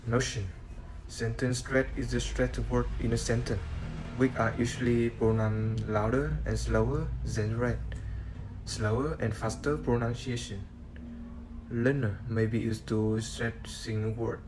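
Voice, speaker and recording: A man whose first language is Vietnamese, reading a class presentation on sentence stress in a halting way with many "uh" fillers. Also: medium pitch, steady tone, noisy background. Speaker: student presenter.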